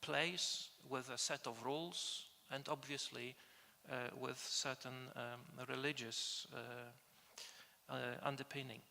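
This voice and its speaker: In a conference hall with lengthy reverb, a man whose first language is Polish presents an academic lecture. His mid-range voice is gravelly and bright-edged, steady in tone, though he hesitates, fills pauses, and restarts phrases.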